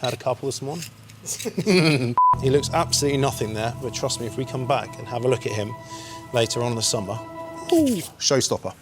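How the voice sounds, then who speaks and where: A man's voice: medium pitch, expressive, fast talker. An enthusiastic man presenting gardening tips outdoors in a casual, chatty way, with jokey asides. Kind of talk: casual outdoor how-to demonstration. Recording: music bed under the voice.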